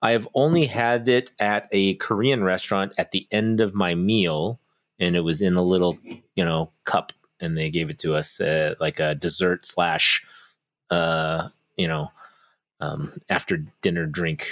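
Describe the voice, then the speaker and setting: A man's voice: low voice, fairly even intonation, measured pace, no room sound. A man with a Southern US accent co-hosting a podcast, chatting casually and laughing as he tells stories. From United States. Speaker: podcast co-host. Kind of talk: casual chat.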